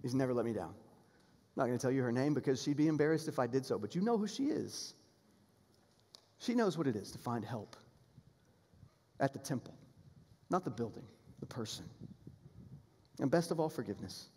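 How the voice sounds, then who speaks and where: A man's voice: mid-range voice, sing-song, normal speed, long pauses, warm tone, breathy edge. Preaching man in a reverberant church. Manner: earnest, emphatic preaching with rising appeals and repeated phrases. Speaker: pastor. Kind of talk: sermon. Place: church sanctuary. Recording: long hall reverb in a church sanctuary.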